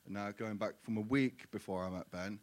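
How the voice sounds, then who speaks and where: A man giving his personal testimony in church, earnest and halting. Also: fairly low pitch. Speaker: guest sharing his testimony. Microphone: handheld mic.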